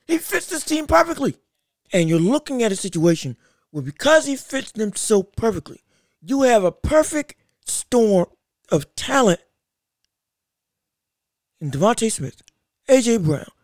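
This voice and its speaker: A woman's voice: a little high, no echo, studio quality. A woman sports vlogger giving casual commentary, talking emphatically and repeating phrases for emphasis.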